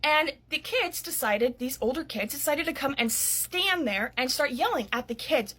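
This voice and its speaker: A woman in her thirties, an author, retelling a story in an indignant, animated vlog style, still worked up. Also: high voice, a little slow, husky. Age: 30s.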